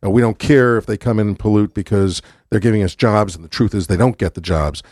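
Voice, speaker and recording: Brief: politician guest, lowish voice, measured pace with ums, dry studio sound. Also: male voice, darkish tone, no room sound. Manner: measured, fills pauses with um and uh. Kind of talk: radio studio conversation.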